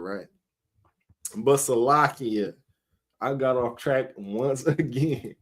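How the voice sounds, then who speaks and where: Guy preaching real casual, rambles a lot, laughs between points, mid pitch. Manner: rambling, conversational, laughs often. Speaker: member of a street religious group.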